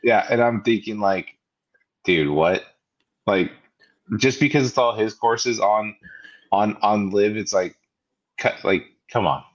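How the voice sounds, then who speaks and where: Young male podcast co-host, deep voice, rambling and laughing, lo-fi sound. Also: fairly even intonation, measured pace. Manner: rambling, laughs often, acts out kids' voices. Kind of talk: casual chat.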